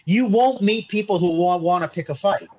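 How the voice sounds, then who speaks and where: A man's voice: sits high, normal speed, a little mellow, highs cut off. A man from Malta, a mindset consultant, explaining earnestly in a casual interview, often restarting and saying "you know". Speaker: mindset consultant, podcast guest.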